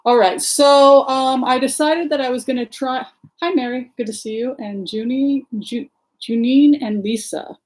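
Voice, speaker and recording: A woman's voice: high voice, steady tone, measured pace. A woman hosting a casual livestream, greeting viewers by name and talking with many fillers and restarts. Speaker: livestream host and tarot reader.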